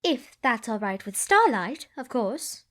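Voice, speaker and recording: A woman's voice: on the high side, big pitch swings, unhurried, fairly bright tone. Rarity, a woman doing a genteel unicorn. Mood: eager. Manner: polite, genteel, eager. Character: refined, graceful young female unicorn pony. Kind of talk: audiobook character voice.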